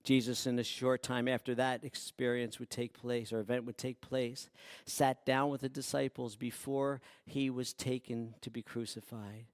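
A man preaching a sermon who swings from hushed, quiet passages to loud, emphatic ones. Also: mid-range voice, level tone, moderate pace, few pauses, no echo, studio quality. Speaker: pastor.

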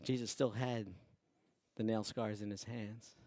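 A man preaching a sermon who swings from hushed, quiet passages to loud, emphatic ones. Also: lowish voice, steady tone, measured pace, dry recording, clean studio sound. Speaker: pastor.

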